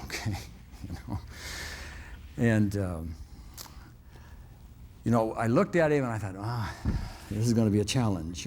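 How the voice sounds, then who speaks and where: In a fairly low, darkish voice, a man shares an extended personal story with his audience. This motivational speaker keeps it folksy, frequently chuckling and asking "okay?" along the way.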